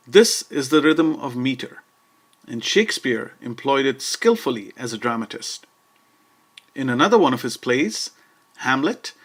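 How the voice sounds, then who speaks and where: A man delivers a scripted lesson in a measured, even manner. His voice sits at an ordinary middle pitch, and he slows deliberately when reciting verse. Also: breathy edge. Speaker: lecturer. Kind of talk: scripted educational narration.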